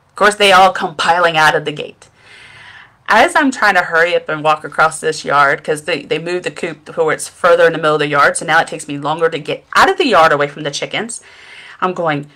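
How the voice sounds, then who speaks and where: A middle-aged makeup seller and vlogger chats from home on her webcam, her low-pitched voice pushed and bright and moving a little fast. She laughs at herself while telling a rambling, self-deprecating story in a casual storytelling vlog.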